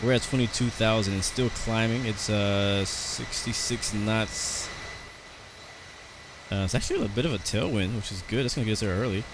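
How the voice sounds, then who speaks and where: A man's voice: on the low side, moderate pace, noisy background. An American man chatting casually and rambling through live commentary on his flight sim stream, talking to his viewers.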